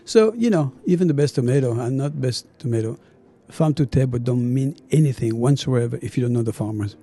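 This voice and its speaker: A middle-aged chef with a French accent talks in a very dark, mellow voice. He tells his stories with animation, acting out the people in them and laughing often. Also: medium pitch, fairly quick. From France. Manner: animated storyteller, acts out dialogue, laughs often. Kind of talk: casual interview chat.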